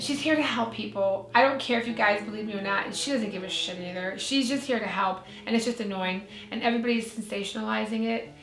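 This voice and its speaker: A middle-aged woman, a guest psychic medium, telling a story in casual chat and acting out the people in it. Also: medium pitch. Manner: animated storyteller, acts out the people in her story. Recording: echoey room, faint music.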